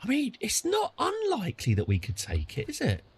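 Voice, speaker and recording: A man's voice: extremely high pitch, huge pitch swings, fairly quick, breathy edge. A man chatting casually on a game stream, rambling through jokey stories with lots of fillers. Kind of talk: casual live-stream chat while gaming.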